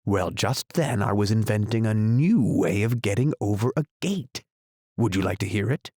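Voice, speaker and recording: A man reading an audiobook, voicing a solemn, muddled male knight who talks gravely and slowly about his inventions. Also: on the low side, animated, mellow, no echo, studio quality. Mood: grave, musing. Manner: grave, slow, musing. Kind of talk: audiobook character voice.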